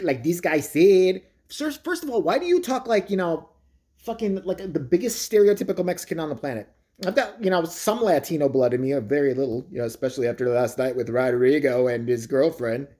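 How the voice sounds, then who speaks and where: Swearing vlogger on an animated rant. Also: mid-range voice. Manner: crude, swearing, mocking. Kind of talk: profane comedic rant.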